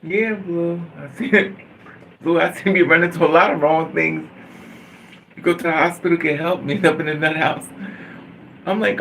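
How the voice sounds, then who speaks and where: A man's voice: fairly high pitch, fairly even intonation, moderate pace, creaky, pauses often, fairly bright tone, slight background noise, rough recording. A man vlogging in a candid emotional monologue, blunt and profane, venting with bitter humor.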